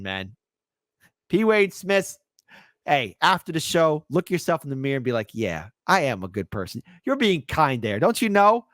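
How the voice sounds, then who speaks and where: A man's voice, a little high and a bit bright, comes through clean studio sound with no echo. He hosts a political commentary stream, reacting sarcastically to clips and reading viewer comments aloud.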